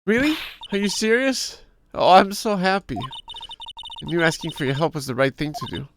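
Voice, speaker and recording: A man's voice: high-pitched, big pitch swings, normal speed, noisy background. A man voicing a dramatic, doting middle-aged wife from a game, in a gushing, melodramatic manner. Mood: pleading. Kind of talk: reading game dialogue aloud. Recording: game music underneath.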